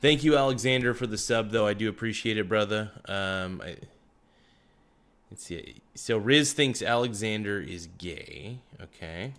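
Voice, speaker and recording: A man's voice: lowish voice, measured pace, a bit bright. A young man hosting a casual livestream, reading out chat comments with joking, teasing banter. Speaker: livestream host.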